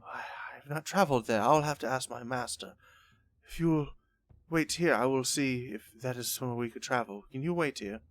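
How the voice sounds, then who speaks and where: A man's voice: medium pitch, moderate pace, natural voice. A man voicing a guarded female caravan traveler who speaks hesitantly and evasively in a tabletop game.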